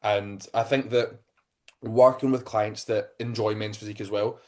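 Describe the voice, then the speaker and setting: Irish male coach, slightly low voice, halting casual podcast talk. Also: steady tone, a little mellow. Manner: hesitant, many ums and restarts. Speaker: physique coach, podcast co-host. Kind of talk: casual chat.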